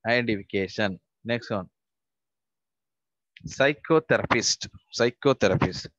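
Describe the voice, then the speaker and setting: A man's voice: medium pitch, a little slow, long pauses, fairly bright tone, no room sound. A male teacher giving a vocabulary lesson, repeating each word several times and spelling out letters. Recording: dull lo-fi recording.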